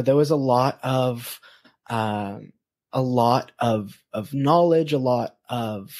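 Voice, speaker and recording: A man's voice: medium pitch, a little mellow. A man hosting a podcast, telling a story casually with many hesitations. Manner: hesitant, many ums and restarts. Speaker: podcast host.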